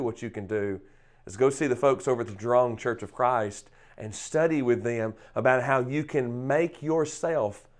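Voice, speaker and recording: Slow, emphatic male preacher. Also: on the high side. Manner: emphatic, with pauses and swells in loudness. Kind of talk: short scripture devotional talk.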